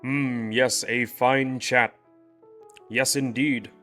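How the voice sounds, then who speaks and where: A man's voice: medium pitch, steady tone, very slow, a bit bright, faint music behind. A man livestreaming a game, chatting casually with his viewers in a playful, rambling, teasing way. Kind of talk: casual chat with live viewers.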